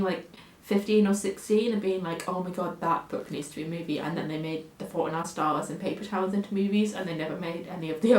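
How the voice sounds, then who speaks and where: A woman in her twenties with a southern English accent talks casually to camera about her bookshelf. Her voice sits at an ordinary middle pitch, and she rambles in a chatty, self-deprecating way with plenty of fillers. The recording picks up a noticeably echoey room at home. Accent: English, Oxfordshire-Cambridgeshire area. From England. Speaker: book vlogger.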